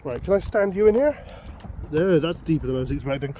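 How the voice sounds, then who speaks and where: A man's voice: a little high, lively intonation, brisk, dark tone, slight background noise. A man chatting upbeat to viewers while he works outdoors in a field. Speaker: metal detecting vlogger. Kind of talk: casual outdoor vlog commentary.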